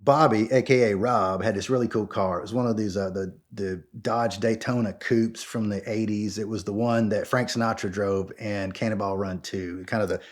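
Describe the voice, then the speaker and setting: A man's voice: moderate pace, hardly any pauses. A middle-aged man from Georgia telling a personal anecdote casually, acting out dialogue with jumps in his voice and lots of "like" and restarts. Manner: animated, acts out both sides of dialogue with pitch jumps; frequent "like" and stammered restarts. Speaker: storyteller guest.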